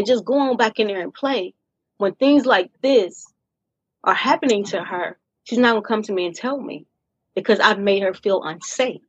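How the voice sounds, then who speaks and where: A middle-aged woman speaking as a podcast guest, telling her own story in an earnest, deliberate way and leaning on key phrases. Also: mid-range voice, slightly rough, dry recording, muffled recording. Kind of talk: candid personal storytelling in conversation.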